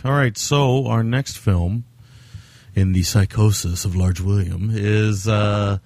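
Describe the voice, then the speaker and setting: A man co-hosts a podcast in a casual, rambling way, peppering his talk with fillers and laughing often. His voice sits low. The sound is dry, with no room around it. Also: slow, a little mellow, no room sound. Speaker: podcast co-host. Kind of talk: casual film chat.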